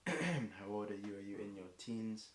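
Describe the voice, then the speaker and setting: A young English man improvising a rambling rhyming freestyle, voice getting hoarse, filling gaps with ums and self-corrections. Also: fairly low pitch, expressive, unhurried. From England. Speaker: streamer performing a marathon song. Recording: echoey room with faint background noise.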